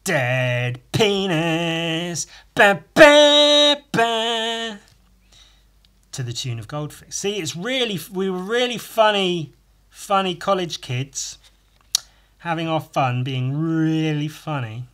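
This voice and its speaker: A man's voice: fairly high pitch, expressive, a little slow, a bit bright. A man hosting a solo podcast while he draws, rambling with profane, self-mocking humor and many asides. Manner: meandering, with many restarts and asides. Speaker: podcast host.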